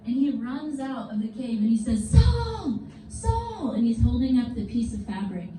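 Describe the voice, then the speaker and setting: Woman teacher, kids' Bible lesson, animated and casual, dark mellow voice, echoey distant sound with faint noise. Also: fairly high pitch, brisk, soft background music. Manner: animated, casual storytelling with props. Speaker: children's church teacher. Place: church classroom. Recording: roomy, distant mic, faint background noise.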